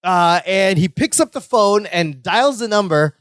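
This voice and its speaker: High-voiced man recapping a sitcom. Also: lively intonation, a little slow, a bit bright, dry recording, clean studio sound. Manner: retells scenes, often acting out characters' lines. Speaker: podcast co-host. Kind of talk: casual sitcom recap chat.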